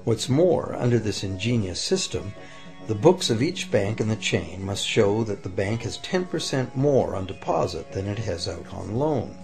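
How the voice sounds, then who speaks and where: Gravelly low-voiced male documentary narrator. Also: normal speed. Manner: calm explanatory delivery. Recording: voice-over with faint music behind.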